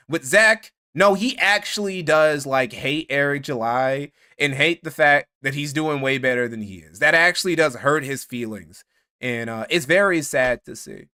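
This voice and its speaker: Man streamer, casual profane commentary, bright sharp voice, slightly high. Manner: profane, mocking, thanks donors.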